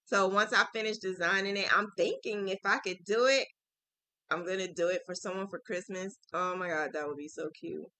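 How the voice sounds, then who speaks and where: Bubbly, bright-voiced woman crafter. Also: mid-range voice, normal speed, dry recording, poor audio. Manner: chatty and excitable, lots of "like" and "oh my God". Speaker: crochet vlogger. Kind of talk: casual chat to viewers.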